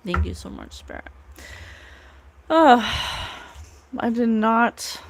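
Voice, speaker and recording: Woman, psychic medium, livestream channeling, emotional, earnest, laughs often, raised pitch. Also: steady tone, moderate pace.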